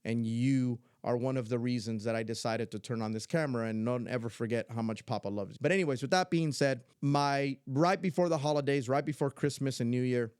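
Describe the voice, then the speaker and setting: Middle-aged grandpa vlogger, earnest and heartfelt, repeats stuff, normal pitch, dry close sound. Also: male voice, fairly quick, few pauses, a little mellow, smooth, no room sound. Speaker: YouTuber and grandfather. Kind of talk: casual vlog monologue.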